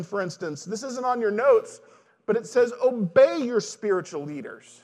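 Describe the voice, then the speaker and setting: A man preaching a sermon as pastor, talking conversationally and putting rhetorical questions to the congregation. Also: very high-pitched.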